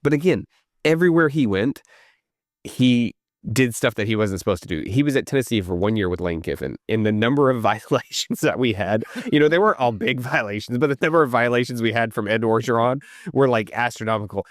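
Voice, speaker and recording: A man's voice: mid-range voice, fairly quick, dry recording, studio quality. A man co-hosting a podcast in casual chat, rambling along with lots of "like" and restarts. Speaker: podcast co-host.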